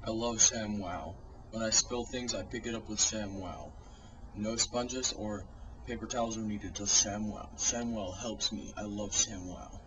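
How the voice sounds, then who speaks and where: A man in a comedy sketch playing a street interviewee, goofy and switching between squeaky and gruff voices. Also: fairly even intonation, unhurried, noisy background. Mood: deadpan low.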